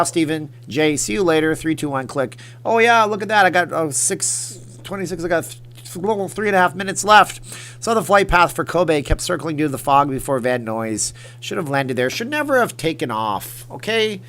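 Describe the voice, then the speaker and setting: A man's voice: medium pitch, fairly bright tone, slight background noise. A man chatting loosely on a late-night livestream. He reads out viewers' questions and answers with offhand jokes and tangents, in an everyday mid-range voice. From Las Vegas. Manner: rambling, jokey, answers chat questions. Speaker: livestream host.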